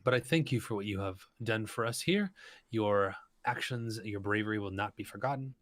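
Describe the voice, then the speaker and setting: A man's voice: on the low side, moderate pace, a bit bright, dry recording, studio quality, lightly acted. A man voicing a stern female emir. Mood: curt. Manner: formal, dismissive courtly speech.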